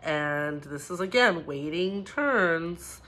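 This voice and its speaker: A woman teaching preschoolers from home, talking gently and encouragingly and mixing in Spanish words. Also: fairly low pitch, lively intonation, slow. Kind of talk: home video lesson for young children.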